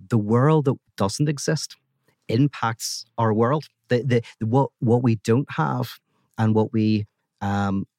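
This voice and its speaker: A man speaking as a guest philosopher in a podcast conversation, telling stories and ideas in an animated way with frequent restarts. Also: mid-range voice, dry recording, clean studio sound.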